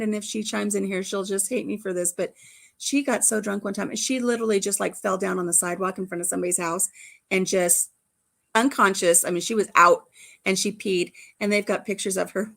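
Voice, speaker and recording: A woman's voice: mid-range voice, creaky, fairly bright tone. A middle-aged woman hosting a livestream, chatting casually, telling stories and answering the live chat. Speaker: livestream host.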